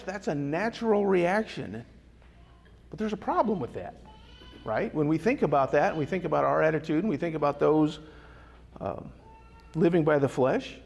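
A man's voice: high voice, creaky, a little mellow, husky. A man preaching a Bible study sermon in a conversational way, often tossing rhetorical questions to his listeners. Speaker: pastor. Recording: long hall reverb.

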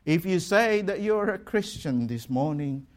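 A man preaching a sermon in a slow, measured cadence. His voice sits fairly high for a man. He leans hard on key words and lets the ends of his lines fall away. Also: animated. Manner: slow, emphatic preaching with drawn-out words and dropping line ends. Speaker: pastor. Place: church service streamed online.

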